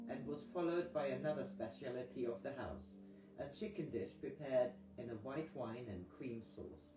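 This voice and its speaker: A man reading a book aloud in a live session, unhurried and plain with pauses. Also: mid-range voice. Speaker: reader. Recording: echoey room with faint music.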